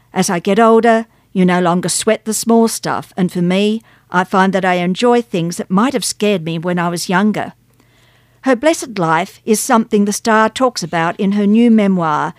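A woman reading magazine articles aloud on a radio program, steady and clear. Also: medium pitch, no echo, studio quality. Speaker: radio reader.

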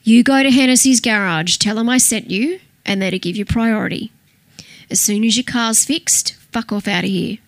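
A woman's voice: on the high side, moderate pace, dry recording, close to an everyday voice. Woman reading a menacing small-town male cop, taunting, dry close sound, audiobook. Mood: mocking. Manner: mocking, taunting.

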